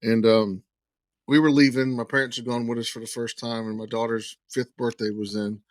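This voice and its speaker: A man's voice: mid-range voice, moderate pace, dry recording. A man telling a long personal anecdote in casual conversation, acting out the lines of people in the story. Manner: animated anecdote teller, acts out quoted lines. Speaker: podcast guest.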